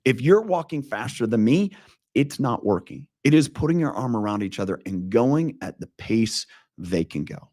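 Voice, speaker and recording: A man's voice: mid-range voice, expressive, moderate pace, mellow, no room sound, studio quality. A man in his forties, a leadership coach, talking earnestly and intensely in a casual interview, telling stories with frequent restarts.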